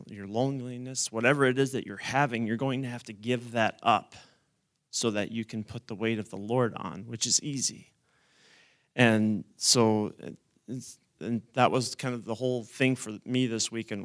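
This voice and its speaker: A man's voice: medium pitch, a bit bright. A man sharing a church testimony. He speaks in an earnest, reflective way. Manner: earnest, reflective, with a slow opening scripture reading. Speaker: retreat participant sharing testimony.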